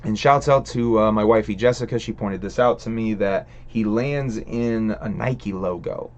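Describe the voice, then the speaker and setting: A man's voice: lowish voice, normal speed, lo-fi sound. A man hosting a livestream, ranting in a casual, rambling way, swearing a lot and laughing between thoughts. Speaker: stream host.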